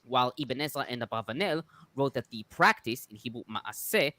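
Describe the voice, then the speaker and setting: Male scholar reading source notes, steady and careful, dry close sound. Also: medium pitch, no echo. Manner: measured, cites sources in detail. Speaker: scholarly commentator.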